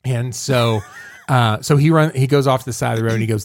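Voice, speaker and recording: A man's voice: mid-range voice, brisk, dry recording, clean studio sound. A man hosting a podcast, recapping a movie in casual chat, rambling with lots of fillers and laughs. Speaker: podcast host.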